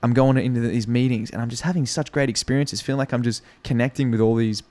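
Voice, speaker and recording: Young man, Australian accent, mid-pitched voice, swearing, lively storyteller, podcast guest. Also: fast. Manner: profane, animated storytelling. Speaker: podcast guest, actor and comedian. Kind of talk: casual podcast chat.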